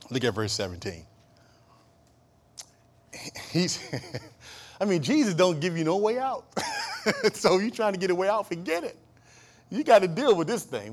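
Preaching man who swells to shouts. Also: on the high side, very animated, measured pace, pauses often. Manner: swings from quiet asides to shouted, rising preaching with jokes and call-and-response. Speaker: pastor. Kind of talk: sermon. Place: church.

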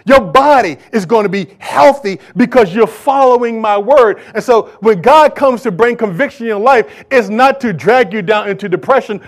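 A male pastor with a high-pitched voice delivers a sermon. He swings between quiet, conversational asides and loud, shouted exhortation. His delivery is folksy and casual. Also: moderate pace, hardly any pauses.

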